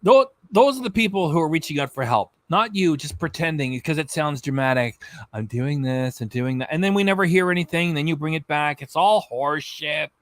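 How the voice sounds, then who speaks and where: A man's voice: a little high, a little fast, few pauses, a bit bright, dry recording. A man giving mocking, profane reaction commentary on a video he is watching. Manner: scornful, profane.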